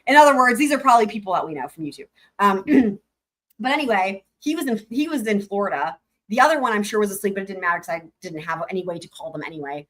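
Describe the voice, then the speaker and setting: A woman of middle pitch tells a long story in a loose, chatty way. She talks straight to her viewers, swears casually and stops to read out comments from the chat. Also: fairly bright tone. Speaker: livestream host.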